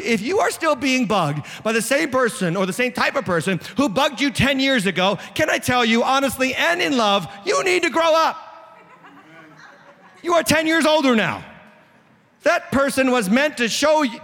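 Animated high-pitched preacher in a big hall. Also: male voice, normal speed, creaky. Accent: New England. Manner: animated, joking, direct. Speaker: pastor. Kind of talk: sermon. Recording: echoey hall.

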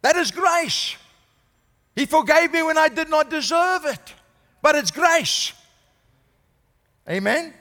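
High-voiced preaching man in echoing church. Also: lively intonation, takes it slowly, long pauses, pushed and bright. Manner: preaching with rising emphasis, calls of "Amen?". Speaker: senior pastor. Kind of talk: sermon.

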